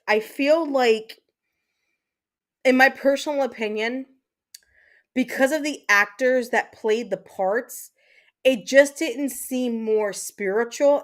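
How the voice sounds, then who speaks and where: A woman hosting a livestream, chatting casually with her viewers in a rambling way, full of fillers and the odd swear word. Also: fairly high pitch. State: mentally exhausted. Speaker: livestream host. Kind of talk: casual chat with live viewers.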